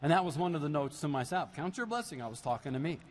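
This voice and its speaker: A man's voice: on the high side, fast. Man telling stories from a reverberant arena stage. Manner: storytelling, animated, playful asides. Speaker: percussionist addressing a concert audience. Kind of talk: stage talk between songs. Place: large basketball arena used as a concert hall. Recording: live hall recording with long reverb and faint noise.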